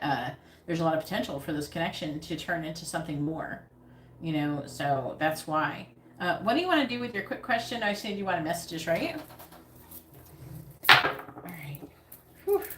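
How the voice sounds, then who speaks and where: A woman's voice: low voice, animated, normal speed, pauses often, a bit bright. Woman psychic on a live stream, repeats the same questions over and over, roomy echo. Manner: repetitive chanting of questions, casual asides. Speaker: psychic reader. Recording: echoey room with background noise.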